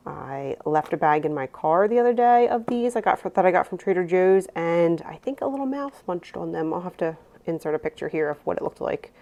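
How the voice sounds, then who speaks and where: A woman's voice: lowish voice, darkish tone. A woman in her thirties, a mother casually narrating a grocery haul with lots of "um"s and rambling asides. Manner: chatty, rambling with many "um"s. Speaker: vlogger, mother.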